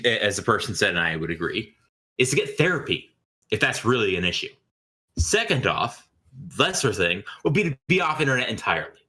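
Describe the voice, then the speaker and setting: A man's voice: on the low side, pushed and bright. A man co-hosting a casual commentary podcast, rambling and exasperated, often stammering and restarting his sentences. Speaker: podcast co-host.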